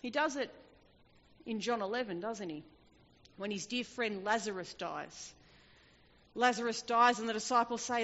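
A woman preaching a sermon, telling a scripture story with lively acted-out voices. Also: on the high side, normal speed. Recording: dull, echoey hall.

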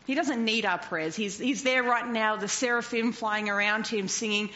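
A woman preaching a sermon in an animated way, swinging from loud to hushed and often laughing. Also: on the high side, moderate pace. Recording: dull lo-fi recording with faint noise.

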